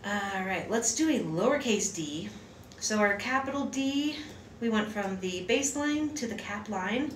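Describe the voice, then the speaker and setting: With lively intonation and a measured pace, a medium-pitched woman is heard from a distance, along with a little hiss or hum. She runs a chatty, rambling hand-lettering lesson at home, full of fillers and restarts, her voice off-mic in an echoey room.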